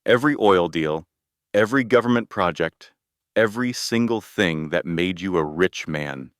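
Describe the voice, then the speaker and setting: A man voicing a composed, confident young woman who speaks in a cool, steady way. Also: deep voice, normal speed, dry recording, clean studio sound.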